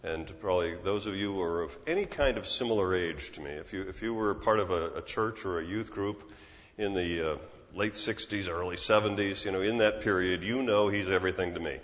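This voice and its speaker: A man's voice: low voice, fairly quick, fairly bright tone. Older man preaching in a reverberant hall. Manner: earnest, conversational preaching with restarts. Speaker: pastor. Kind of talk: sermon. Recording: muffled sound with long reverb in a large hall.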